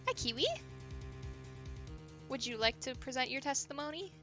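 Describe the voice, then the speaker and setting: A woman streamer making soft, playful asides between game lines. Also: high voice, moderate pace, long pauses, over music. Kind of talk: casual asides while streaming.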